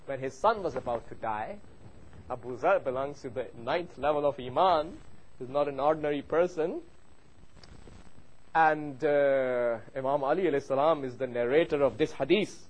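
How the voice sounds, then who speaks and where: A man delivering a sermon in English, a native Persian speaker, rising loud on key points and dropping low and quiet when telling a story. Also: normal speed, low-quality recording. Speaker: preacher.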